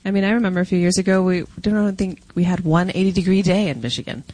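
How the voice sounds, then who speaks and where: A woman's voice: fairly low pitch, fast talker, darkish tone, no echo, rough recording. A middle-aged woman co-hosting a talk radio show, chatting in a wry, easygoing way. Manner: chatty, wry, laughs along. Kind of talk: casual talk radio chat and news banter.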